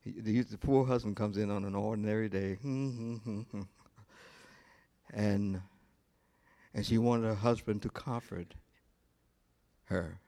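Low-voiced male pastor preaching slowly. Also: steady tone, gravelly, warm tone. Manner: storytelling, slow and deliberate with pauses. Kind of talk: sermon.

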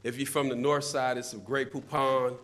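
Emphatic deacon preaching with a bright voice. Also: male voice, mid-range voice, flat delivery, normal speed. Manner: emphatic, rising to loud peaks on key phrases; repeats words and restarts, jokes with the congregation. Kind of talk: sermon.

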